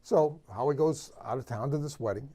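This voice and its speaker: A man, a guest sportscaster on a talk show, tells a story in an easy, casual way. His voice has a middle pitch. He stops now and then to fix a slip before going on. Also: brisk. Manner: relaxed anecdote teller, stops to correct himself.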